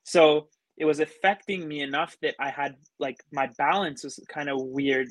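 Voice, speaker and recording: A man's voice: on the high side, fairly even intonation, moderate pace, dry recording. A man telling a story as a podcast guest in a casual way, rambling and full of fillers. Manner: rambling, filler-heavy with many likes.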